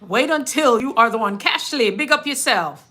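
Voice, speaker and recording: A woman's voice: fairly high pitch, animated, moderate pace, pushed and bright. A woman hosting a casual livestream as a business coach, chatting to viewers, reading out their comments and laughing often.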